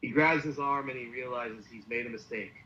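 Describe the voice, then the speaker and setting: A man's voice: medium pitch, a little fast, pushed and bright, highs cut off, a little hiss or hum. A man co-hosting a podcast, casually narrating a fantasy wrestling storyline. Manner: acts out wrestlers' lines in quoted voices.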